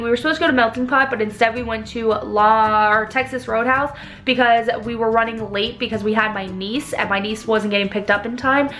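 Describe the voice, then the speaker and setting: A woman's voice: a little high, fairly bright tone. A young woman in her twenties telling a story in a casual vlog, chatty and often laughing. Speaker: vlogger.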